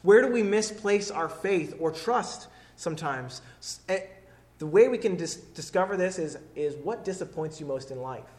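A man preaching a sermon in an earnest, conversational way, retelling a story with fillers and restarts and dropping soft for quoted pleas. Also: on the high side, expressive, normal speed.

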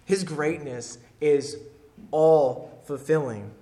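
A man's voice: a little high, slow pace, mellow. A man preaching a sermon, emphatic and repeating key phrases for weight. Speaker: pastor.

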